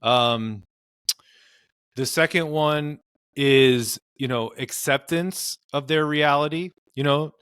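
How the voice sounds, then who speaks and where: A man's voice: fairly high pitch, slow pace, fairly bright tone, clean tone, dry recording, clean studio sound. A man, a marriage and family therapist, explaining in earnest conversational interview advice with frequent fillers. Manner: earnest, explanatory, many "you know" fillers.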